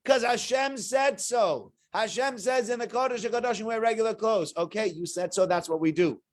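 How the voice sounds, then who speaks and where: A man voicing a biblical high priest, speaking in a plainspoken, insistent way. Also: moderate pace, lightly acted. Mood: earnest.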